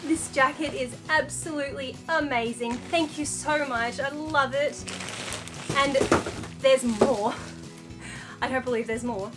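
Bubbly female vlogger, high bright voice, excitable, music bed underneath. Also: a little slow, long pauses. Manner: gushing, excitable, talks to her pet. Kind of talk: casual unboxing vlog.

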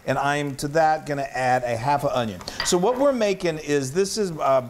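A man's voice: fairly high pitch, moderate pace. A man co-hosting a home cooking video, explaining steps in playful, jokey banter. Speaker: cooking show co-host. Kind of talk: casual cooking demo chat.

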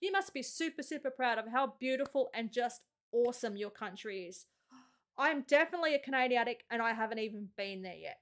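Gushing high-voiced Australian woman. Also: animated, a little fast, fairly bright tone. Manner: gushing, exclamatory, lots of "oh" and gasps. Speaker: reaction video host. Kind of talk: casual reaction commentary.

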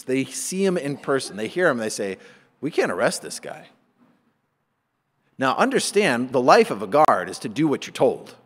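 A middle-aged male pastor preaching a sermon, lively and conversational, often acting out the voices of people he quotes. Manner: animated, acts out quoted voices with rising pitch. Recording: long hall reverb.

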